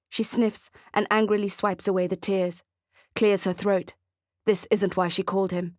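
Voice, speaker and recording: A woman narrating an audiobook thriller in a steady, expressive reading. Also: mid-range voice, moderate pace, no echo, studio quality. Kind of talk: scripted narration.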